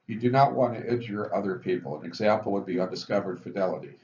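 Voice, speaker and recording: A man explaining the twelve recovery steps in a measured, explanatory lecture, stressing each step heading. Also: on the low side, a little mellow. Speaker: physician teaching addiction recovery. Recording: dull lo-fi recording with faint hiss.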